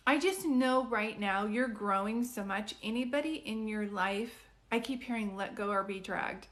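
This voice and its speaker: A woman's voice: mid-range voice, moderate pace, fairly bright tone. Chatty woman medium on a phone live. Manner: chatty, reassuring, full of "like" and "do you know what I mean". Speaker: psychic medium giving live readings. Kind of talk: casual live-stream reading.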